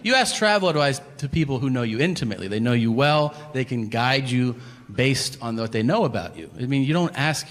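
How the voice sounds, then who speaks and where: Male comic, mid pitch, ranty and profane, recorded in a reverberant hall with faint crowd noise. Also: expressive, fairly quick, a bit bright. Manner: exasperated, profane observational rants. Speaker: stand-up comedian. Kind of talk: live stand-up set.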